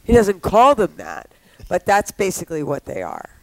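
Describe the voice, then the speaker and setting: A woman's voice: on the low side, huge pitch swings, moderate pace, vocal fry, darkish tone, dry recording, rough recording. A woman hosting a talk show, talking in a playful, bawdy, teasing way with callers. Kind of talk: casual radio show chat.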